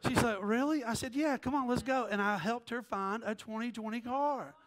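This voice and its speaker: A man's voice: very high voice, moderate pace. A man preaching a sermon as pastor, telling a story with quoted voices and jokes. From American South. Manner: animated, joking, jumps between quoted voices.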